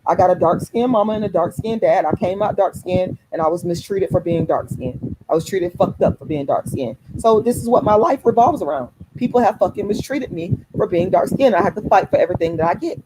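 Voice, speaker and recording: A woman's voice: on the low side, expressive, a little fast, background noise. A woman hosting a casual livestream, talking fiercely and emphatically to her viewers, repeating phrases and swearing freely. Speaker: activist livestream host.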